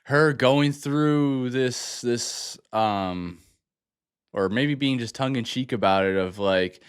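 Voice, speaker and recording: A man's voice: medium pitch, slow, smooth, dry recording, clean studio sound. A man hosting a music reaction video, thinking aloud in a casual, hesitant way and often restarting his sentences. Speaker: music reaction channel host. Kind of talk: casual first-listen album reaction.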